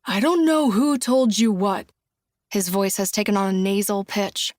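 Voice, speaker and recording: A woman's voice: mid-range voice, lively intonation, measured pace, a little mellow, no echo, natural voice. A tense, nasal man who tries to keep control and then lashes out, as a woman reader plays him. He is heard up close in an audiobook thriller with a dry, dead sound around him. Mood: pleading. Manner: controlled, then pleading and explosive. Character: controlling man, creator of a synthetic wife.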